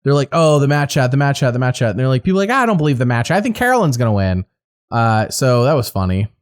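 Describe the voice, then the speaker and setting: A man co-hosting a podcast, talking in a chatty, animated way. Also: mid-range voice, fast. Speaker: podcast co-host. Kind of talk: casual podcast chat.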